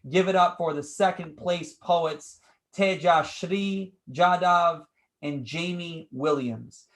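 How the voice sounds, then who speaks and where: A man hosting a competition livestream, announcing the results with energetic hype and repeating his phrases, heard over a video call. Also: a little high, takes it slowly. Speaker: competition host.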